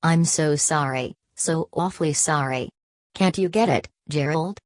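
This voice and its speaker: Fussy posh lady saying sorry over and over, low voice, sing-song, read by a woman. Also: a little slow, no room sound, clean studio sound. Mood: apologetic. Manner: sing-song, repetitive apologies. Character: anxious, overly apologetic upper-class woman.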